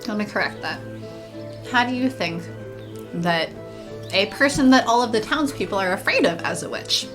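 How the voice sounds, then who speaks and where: Let's play co-host, woman, mid pitch, dry and teasing, game music behind. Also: animated, moderate pace. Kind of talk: casual gameplay chat.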